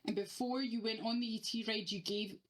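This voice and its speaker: A woman's voice: fairly high pitch, fairly even intonation, fairly quick, rough recording. A woman in her thirties co-hosting a podcast, telling stories animatedly and swearing freely in casual chat. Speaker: podcast co-host.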